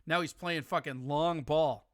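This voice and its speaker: A man's voice: a little high, steady tone, a little slow, no room sound, clean studio sound. A man hosting a live call-in stream, teasing his guest in crude, joking banter.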